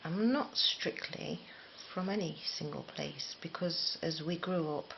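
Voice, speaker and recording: A middle-aged woman from the talks through a crochet tutorial in a rambling, self-deprecating way. Her voice sits low with a gravelly fry, and the recording sounds a little dull and lo-fi. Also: unhurried, a little hiss or hum. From England. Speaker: crochet teacher. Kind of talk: casual spoken tutorial.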